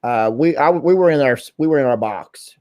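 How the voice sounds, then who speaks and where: A man's voice: medium pitch, lively intonation, moderate pace, highs cut off. A man co-hosting a casual podcast, mostly chiming in with brief, agreeable remarks. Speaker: podcast co-host. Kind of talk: casual chat.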